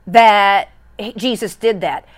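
A woman co-hosting a casual faith podcast into a studio mic, acting out scenes with many restarts. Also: mid-range voice. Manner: animated, acts out scenes, quick restarts. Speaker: podcast co-host. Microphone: studio microphone.

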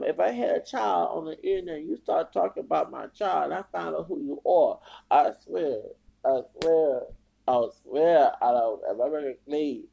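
A man's voice: on the high side, expressive, moderate pace, creaky, warm tone, husky. A man hosting a podcast, delivering a heated, profane rant full of repeated phrases. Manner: heated, profane ranting with repetition. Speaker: podcast host.

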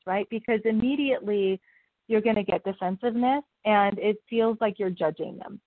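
A woman with a fairly high voice gives coaching advice in an interview, laughing often as she acts out the questions to ask. Her voice comes through a tinny, phone-like line. The sound is dry. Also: normal speed, no echo. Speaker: guest coach. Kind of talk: interview conversation.

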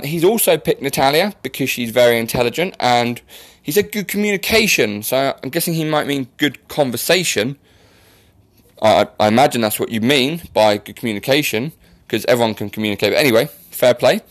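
With no room sound on the audio, this medium-pitched young podcast host keeps the chat casual. His guest gets teased, the jokes keep coming, and he frequently makes fun of himself.

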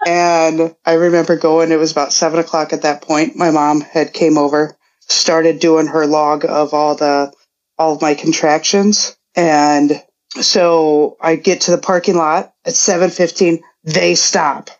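A woman's voice: sits low, level tone, a little slow, a little mellow, lo-fi sound. Middle-aged woman, chatty laughing storyteller. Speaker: podcast guest, mother of a co-host. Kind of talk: casual chat, storytelling.

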